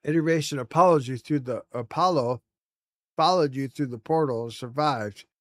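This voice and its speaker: A man voicing an ancient, all-knowing cosmic entity from a video game, reading its lines slowly and solemnly. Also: mid-range voice, dry recording, lightly acted.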